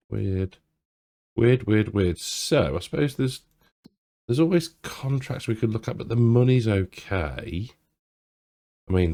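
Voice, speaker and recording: A man's voice: on the low side, gravelly, warm tone. A middle-aged man rambling through casual gameplay commentary, with lots of ums and restarts. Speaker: gaming YouTuber.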